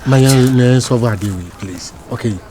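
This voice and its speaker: A man's voice: mid-range voice, moderate pace, background noise, close to an everyday voice. An actor with a Ghanaian English accent playing a young man who keeps begging his girlfriend for another chance. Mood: pleading. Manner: pleading, begging. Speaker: Papa J, a pleading boyfriend. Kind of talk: comedy drama web series acting.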